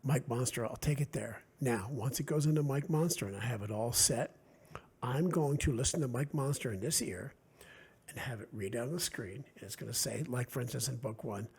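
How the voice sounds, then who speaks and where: Gravelly Delaware Valley man, rambling. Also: mid-range voice, a little fast. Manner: rambling, animated, acts out quotes. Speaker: author guest. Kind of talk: casual podcast chat.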